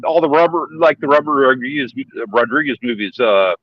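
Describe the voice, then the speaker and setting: A man's voice: mid-range voice, expressive, brisk, no echo, muffled recording. A man in a casual stream chat, telling stories eagerly and swearing casually.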